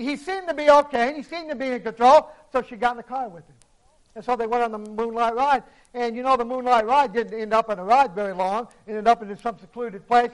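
A man preaching a sermon, telling a cautionary story dramatically, with swings from hushed lines to emphatic ones. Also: very high-pitched, rough recording.

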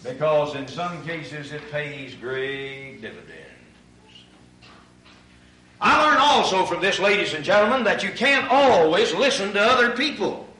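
A man preaching a sermon in a church hall. He addresses the congregation as ladies and gentlemen and swells into shouted emphasis on key points. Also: a little high, animated, unhurried. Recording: echoey hall, far from mic.

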